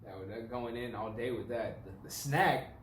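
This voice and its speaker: A man gives relaxed, halting answers in a casual interview, circling back over his own words. His voice has a mid-range pitch. The room around him echoes, with a faint noise underneath. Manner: laid-back, hesitant, repeats his words. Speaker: guest. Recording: roomy echo, faint noise.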